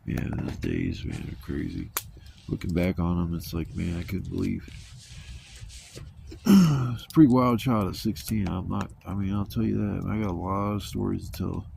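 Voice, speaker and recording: A man's voice: low voice, animated, normal speed, creaky. A man telling rambling, profane stories in a laid-back, casual way while camping outdoors. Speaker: vlogger. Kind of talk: casual storytelling. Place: outdoors at a campsite. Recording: noisy outdoor ambience.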